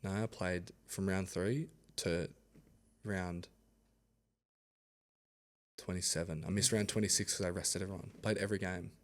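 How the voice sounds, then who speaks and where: A man's voice: low-pitched, unhurried, long pauses. A young Australian man in his twenties, a podcast guest, telling stories casually and acting out what others said, with frequent laughter. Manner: animated, acts out quoted voices, laughs often. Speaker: podcast guest, rugby league player. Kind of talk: casual storytelling.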